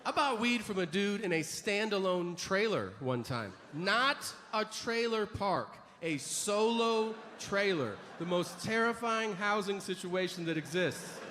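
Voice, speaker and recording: A man's voice: sits high, unhurried, few pauses. A man doing stand-up comedy, telling profane stories with lots of acted-out voices. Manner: animated storytelling, profane, many act-outs. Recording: reverberant hall, background noise.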